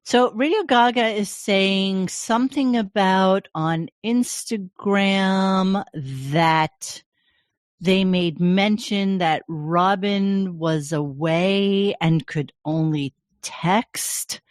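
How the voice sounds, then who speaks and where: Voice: mid-range voice, drawn-out words, smooth, no room sound, clean studio sound. A podcast host in casual chat, chatty and rambling, with laughing asides.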